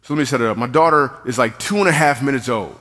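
Male church speaker doing stand-up style, playful and teasing, bright tone, big reverberant room. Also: medium pitch, fast. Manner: playful, jokey, teasing the band. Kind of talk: humorous talk to a live church audience. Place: large church auditorium. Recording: long hall reverb.

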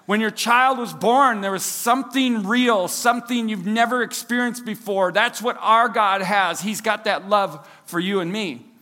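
A man's voice: high-pitched, unhurried, hardly any pauses, bright, forceful tone, in a large hall. A Minnesotan man preaching a sermon as pastor in a casual, chatty way, full of fillers and self-deprecating asides. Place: church service hall.

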